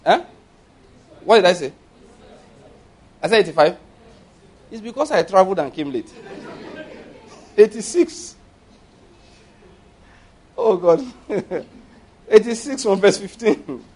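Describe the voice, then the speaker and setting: A man preaching a sermon, emphatic and questioning, reading scripture aloud slowly and forcefully. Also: high voice, very animated, breathy edge, some chatter behind. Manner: emphatic, rising and falling with stress, asks the congregation questions.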